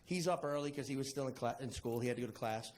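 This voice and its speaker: A man doing stand-up, telling a profane story in a playful, animated way to a live audience. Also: medium pitch, quick pace, a little hiss or hum. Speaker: stand-up comedian. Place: comedy stage before a live audience. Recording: live crowd laughter.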